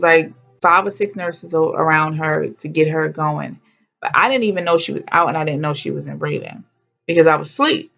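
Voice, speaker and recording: Woman vlogger, casual story, gravelly fry, muffled lo-fi sound. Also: low-pitched, a bit bright. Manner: chatty and heartfelt, with exclamations and slang.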